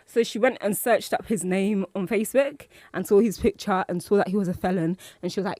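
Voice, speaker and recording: A woman's voice: medium pitch, brisk, no echo, clean studio sound. A woman co-hosting a casual podcast chat, telling stories with lots of laughter. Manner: animated, laughing storyteller. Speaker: podcast co-host.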